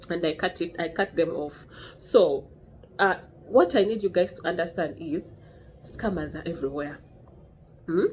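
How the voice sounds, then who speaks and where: A woman's voice: lowish voice, normal speed, a little hiss or hum. A young woman vlogger, telling a story casually to camera and acting out the dialogue. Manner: animated, acts out dialogue with shifting voices.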